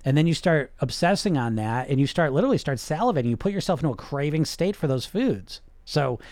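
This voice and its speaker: A man's voice: fairly high pitch, expressive, fast, a little mellow, no echo. A man, a hypnotist hosting a podcast, talking in an emphatic, blunt way with lots of rhetorical questions and the odd swear word. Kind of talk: motivational podcast monologue.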